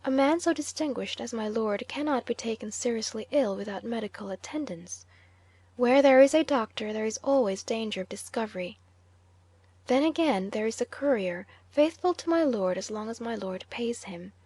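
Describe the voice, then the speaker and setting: A woman narrating an audiobook in a measured way, sometimes dropping almost to a whisper. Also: on the high side, animated, mellow, slightly rough, no room sound. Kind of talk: scripted narration.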